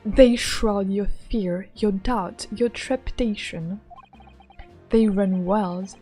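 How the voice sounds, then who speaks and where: A woman voicing a menacing, grandly spoken male prosecutor from a game, reading his lines slowly in a lowered, theatrical voice. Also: warm tone, faint music behind. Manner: slow, lowered, theatrical delivery. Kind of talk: reading game dialogue aloud.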